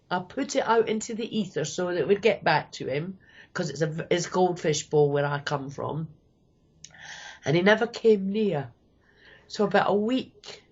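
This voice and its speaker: A woman's voice: on the low side, breathy edge, dull audio. A Scottish woman in her fifties, telling her life story candidly and rambling, often quoting people. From Scotland. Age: 50s. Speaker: guest. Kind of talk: personal storytelling.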